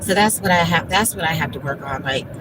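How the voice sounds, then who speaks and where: A woman's voice: deep voice, fast, background noise. A woman hosting a casual livestream from her car, venting emotionally and bluntly with lots of filler words and swearing. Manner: emotional, rambling, heavy filler "like"; blunt and profane. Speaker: livestream host. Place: in a moving car.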